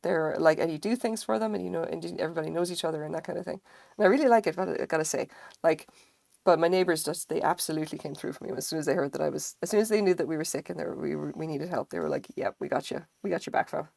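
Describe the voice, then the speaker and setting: A woman's voice: low voice, rapid-fire, creaky, a little mellow, no room sound. A woman streaming live, chatting casually with her viewers in a rambling way and swearing freely. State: recovering from illness, sense of taste dulled. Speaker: craft streamer.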